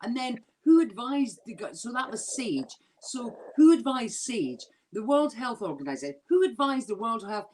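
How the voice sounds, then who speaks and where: A woman's voice: on the high side, big pitch swings, moderate pace, hardly any pauses, a little mellow, a little hiss or hum. A woman comedian ranting and swearing in a drunken comedy chat over a video call. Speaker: comedian guest.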